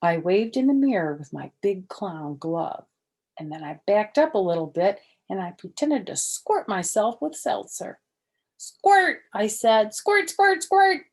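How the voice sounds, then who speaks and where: An older woman reading a children's chapter book aloud, animated in the lively parts and soft and hushed in the quiet ones. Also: mid-range voice, measured pace, creaky, slightly rough.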